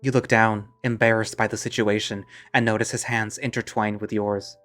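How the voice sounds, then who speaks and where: A man narrating a visual novel in the second person, steady and measured. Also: fairly low pitch, soft background music.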